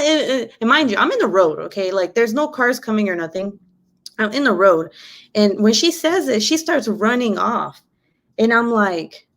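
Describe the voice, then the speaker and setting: A woman in a casual live vlog chat, recounting a story with a lot of energy. She swears freely, fills her talk with "you know" and "like," and laughs often. Her voice sits at a medium pitch. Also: animated, normal speed. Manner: laughs often while talking. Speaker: vlogger chatting with a live audience.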